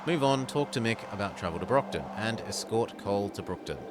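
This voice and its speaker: A man's voice: fairly low pitch, expressive, fairly quick, heavy background noise. A man streaming a game for the first time, reading its dialogue aloud and commenting as he plays. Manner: reads game text aloud and comments between lines. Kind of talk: casual game let's play with dialogue read aloud. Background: game music.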